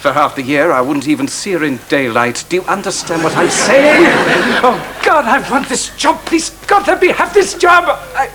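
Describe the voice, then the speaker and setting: A man's voice: on the high side, animated, normal speed, hardly any pauses, very noisy, lightly acted. An actor playing a scheming, ambitious male deputy head in a 1990s TV sitcom, pompous and given to frantic outbursts. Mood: desperate glee.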